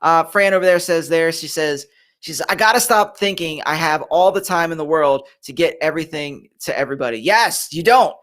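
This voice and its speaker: A man with a fairly high voice hosts a motivational live stream from his computer. He speaks animatedly to his viewers, calls them guys, and drives his points home by repeating them. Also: a little fast, fairly bright tone.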